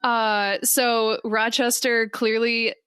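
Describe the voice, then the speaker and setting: Young woman, podcast co-host, casual animated chat, dry recording. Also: on the high side, slow pace, smooth, dry recording. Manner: animated retelling with laughs.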